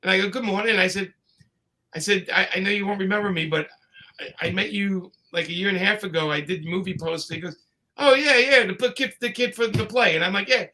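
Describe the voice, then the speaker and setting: A man tells his stories in a loose, meandering way, stopping and restarting with plenty of fillers. His voice sits a bit high and comes across bright and forceful. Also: steady tone, fast talker. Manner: rambling anecdotes with many fillers and restarts. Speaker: comics creator telling stories. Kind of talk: casual storytelling chat.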